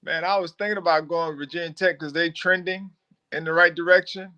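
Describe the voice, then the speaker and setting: A man who coaches basketball, chatting easily about sports picks with frequent pauses. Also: a little high, fairly even intonation, sharp tone. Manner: easygoing, hesitant. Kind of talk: casual sports chat.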